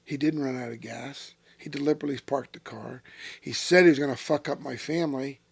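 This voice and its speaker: A man in his sixties, a former racing driver as interview guest, telling blunt, profane stories that flare into shouting. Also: medium pitch, a little fast, creaky, slightly rough. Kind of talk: storytelling in a casual interview.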